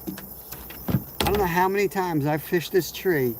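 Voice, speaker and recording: A man with a high voice speaks slowly as he fishes outdoors on a livestream. He rambles in a casual way and answers what viewers type in the chat, and outdoor insect and cricket noise fills the recording.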